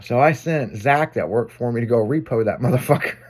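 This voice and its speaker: A man's voice: mid-range voice, fairly quick, a little mellow. A man who runs a shop, telling stories in casual chat, swearing and laughing a lot. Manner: profane, laughing storyteller.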